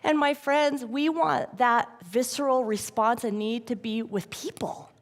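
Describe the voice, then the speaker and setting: A middle-aged woman gives an animated talk to parents at a church event and acts out the voices in her quotes. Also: fairly high pitch, unhurried. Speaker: guest speaker at a church event. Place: large church hall. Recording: long reverb from a church hall.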